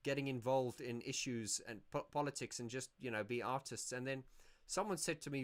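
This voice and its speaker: At medium pitch and normal speed, a man runs a casual livestream, answering viewer questions. His style is rambling and self-correcting, and he sings snippets by way of illustration.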